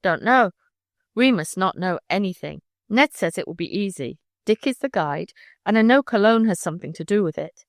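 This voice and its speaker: A woman reading aloud as a lively, irreverent schoolgirl who talks briskly and teasingly. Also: medium pitch, no room sound, studio quality, lightly acted. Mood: breezy.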